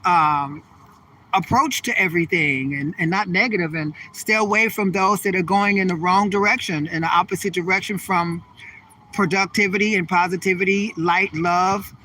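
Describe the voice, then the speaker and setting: A man talks to his viewers on a walking vlog in a high, bright voice. He is sassy and drawn-out, calling them honey and baby. The phone mic sits a little far off, with faint street traffic behind him. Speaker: vlogger. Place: outdoors on a street.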